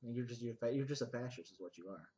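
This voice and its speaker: Fast, sarcastic young man. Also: medium pitch, expressive, mellow. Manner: dry, sarcastic quips. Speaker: co-host. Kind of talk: casual profane Q&A chat.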